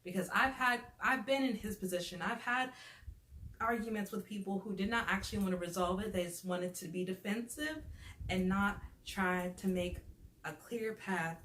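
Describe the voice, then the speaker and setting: A woman vlogger recounts a storytime in a medium-pitched, slightly bright voice at a moderate pace. She's chatty and exasperated, leaning heavily on "like." The recording has a roomy echo and faint noise.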